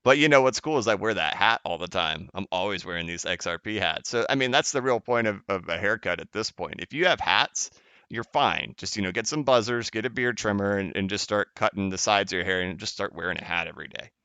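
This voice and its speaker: A man hosts a live stream from home, reading out viewer comments in a loose, rambling way, restarting his sentences and laughing along. His voice is bright and crisp, and he talks a little low. The stream audio is a bit dull and lo-fi. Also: animated, brisk, dry recording. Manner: rambling, self-correcting, laughs often. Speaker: crypto live stream host.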